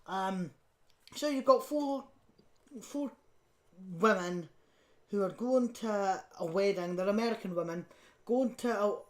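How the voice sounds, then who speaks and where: A woman's voice: medium pitch, measured pace, long pauses. Blunt, laughing woman podcast co-host. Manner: blunt, scathing, laughing often; swears casually. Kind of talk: casual film review chat.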